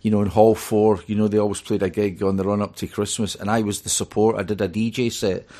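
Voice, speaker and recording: A man's voice: lowish voice, flat delivery, fast, mellow. A middle-aged Scottish man, a guest in an interview, telling rambling stories full of fillers. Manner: chatty storyteller, rambling with many fillers. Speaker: author and DJ guest. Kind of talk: radio interview.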